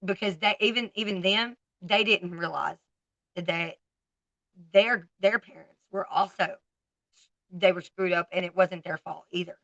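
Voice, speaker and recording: A woman's voice: lowish voice, unhurried, fairly bright tone, dry recording, highs cut off. A woman in her forties with a Southern US accent, chatting bluntly and candidly to viewers on a casual livestream. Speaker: livestream host.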